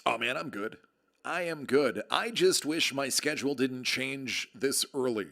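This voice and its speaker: A man with a gravelly, fry-edged voice chats on a live stream in a projected, radio-style delivery. He sits close to a desk microphone, joking and reading out viewer comments at an everyday pitch. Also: a little slow, a bit bright. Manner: jokey, chatty, reads out viewer comments. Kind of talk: casual live-stream chat. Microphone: close desk microphone with level meter.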